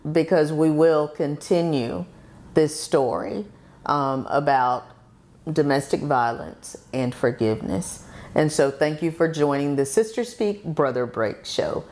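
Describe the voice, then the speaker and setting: A woman hosts a talk show in a very low voice. She speaks slowly and steadily, with the odd um along the way. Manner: measured, steady, with ums. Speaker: host.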